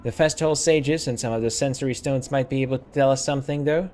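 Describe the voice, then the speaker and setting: Brief: man doing a snarky floating male skull sidekick, grumbling, casual, mid pitch. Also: quick pace, a little mellow, lightly acted. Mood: sarcastic. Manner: sarcastic, grumbling. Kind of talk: reading game dialogue aloud.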